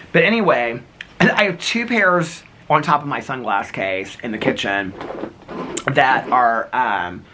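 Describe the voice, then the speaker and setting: A man's voice: fairly low pitch, sharp tone, slight background noise. A middle-aged man vlogging in a rambling casual chat, laughing often as he talks.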